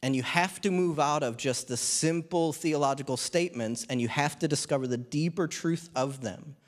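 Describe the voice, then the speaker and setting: A man's voice: a little high, moderate pace. A man in his thirties or forties preaching a sermon in church, talking in a conversational way with humorous asides. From New Zealand.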